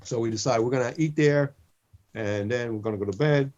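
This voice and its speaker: A man's voice: mid-range voice, fairly quick, darkish tone. Older man telling a rambling comic story. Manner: meandering, repeats "listen" often. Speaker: comedy podcast co-host. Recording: muffled lo-fi sound.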